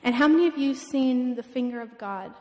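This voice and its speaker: A woman in her twenties shares a missionary testimony with a church audience, telling it with energy and acting out each person in the story. Her voice sits a little high and carries a long reverb through a large hall. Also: a little fast. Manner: animated storytelling, acts out the people she quotes. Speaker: missionary speaker.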